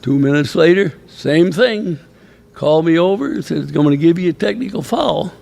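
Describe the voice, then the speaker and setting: Older guy, gravelly and a bit high, rambling coach story with chuckles. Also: lively intonation, normal speed, darkish tone. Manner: rambling anecdotal storyteller, chuckling, quoting others. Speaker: former coach and inductee. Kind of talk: storytelling speech at an awards ceremony. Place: banquet hall at a ceremony.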